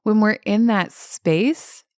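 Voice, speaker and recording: A woman's voice: mid-range voice, takes it slowly, a little mellow, no echo, clean studio sound. A woman life coach hosting her own podcast, talking candidly and animatedly, swearing freely and saying "like" a lot. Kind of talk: casual solo podcast talk.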